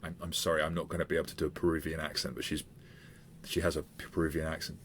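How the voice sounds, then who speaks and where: Very deep-voiced male game master. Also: level tone, fairly bright tone, slight background noise. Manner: halting, with many fillers and restarts. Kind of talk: narrating a tabletop game.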